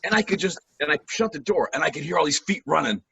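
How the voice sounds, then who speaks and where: A hoarse man, a musician and voice actor, telling lively stories on a video call, often laughing and clearing his throat. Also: a little high, fast, muffled recording, a little hiss or hum. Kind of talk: casual storytelling chat.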